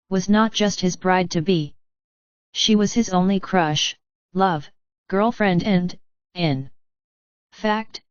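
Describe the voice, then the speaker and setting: Female audiobook narrator, low-ish smooth voice, wry even delivery, dull lo-fi recording. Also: no echo.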